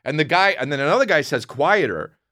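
A man in his thirties, a comedian telling a rambling, profane story in casual chat, mumbling low one moment and shouting the next. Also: brisk, dry recording, studio quality. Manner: profane, animated, swings between mumbling and shouting.

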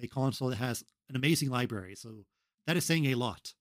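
A man talking casually on a podcast, relaxed and full of fillers. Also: mid-range voice, fast talker, no room sound. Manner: relaxed, filler-heavy storytelling. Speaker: podcast co-host.

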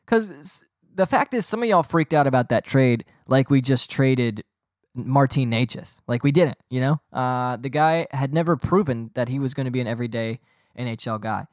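A man's voice: medium pitch, moderate pace, dry recording, clean studio sound. A young man hosting a podcast, rambling and joking in a boastful, casual way. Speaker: podcast host.

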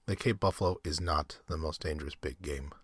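Man reading aristocratic hunter general, middle-aged, slow, courteous, deep voice. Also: breathy edge, no echo, clean studio sound. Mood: courteous menace.

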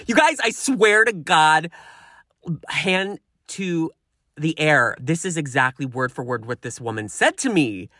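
A podcast host tells a work story as a profane, animated rant, talking straight to the listeners. The voice swings widely up and down in pitch. It is recorded close on the mic and sounds dry, with no room echo. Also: normal speed. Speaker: podcast host and restaurant manager.

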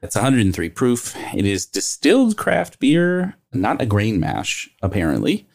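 Podcast co-host guy, low voice but bouncy, playful, reading stuff off a label. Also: huge pitch swings, a little slow, vocal fry. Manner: playful, reads product details aloud. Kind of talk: casual chat.

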